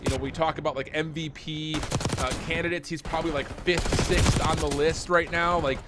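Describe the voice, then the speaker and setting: A man's voice: on the high side, flat delivery, brisk, very noisy. A man casually co-casting an esports match, chatty and jokey, rambling with lots of fillers. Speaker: esports co-stream caster.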